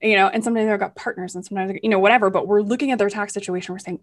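A woman hosting an interview, talking in an animated, chatty way about her tax planning work. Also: medium pitch, rapid-fire. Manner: animated, chatty, many fillers like "right?". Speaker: podcast host, tax planner. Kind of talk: casual conversational interview.

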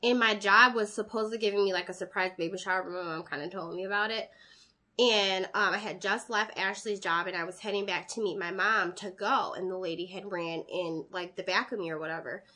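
A young woman in casual conversation, telling a long story in an animated way and acting out the people in it. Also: medium pitch, brisk. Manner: animated, acts out voices in her stories.

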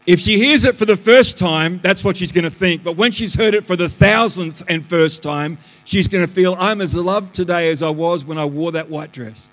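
A man, a pastor preaching a lively sermon that swings between loud bursts and hushed asides, in a church auditorium. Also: high voice, normal speed, hardly any pauses. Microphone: live stream stage mic. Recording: live church hall reverb.

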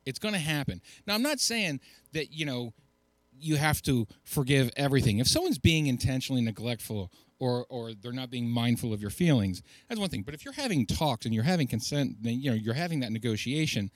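A quick-talking man co-hosting a casual podcast, teasing the others with an animated, swinging delivery. The studio mic is close and dry. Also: medium pitch, no room sound. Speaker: podcast co-host. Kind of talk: casual chat.

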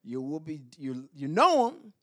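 Animated high-pitched preaching man. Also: a little slow. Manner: animated preaching with call-and-response "Amen?"; drops to a whisper and quiet asides. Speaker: pastor. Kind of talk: sermon.

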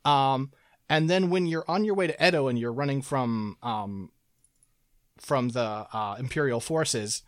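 A man's voice: mid-range voice, unhurried, no echo. A man in a middle register tells a game plot in a loose, rambling way. He keeps breaking into laughs and quoting characters. The sound is dry and close. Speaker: podcast co-host recapping a game. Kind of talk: casual chat.

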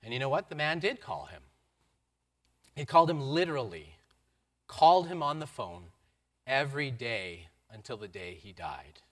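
A man preaching a sermon, telling a story and acting out the voices in it, moving between loud outbursts and quiet lines. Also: medium pitch, big pitch swings, normal speed, long pauses. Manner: acts out quoted voices, swings from loud to soft. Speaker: pastor.

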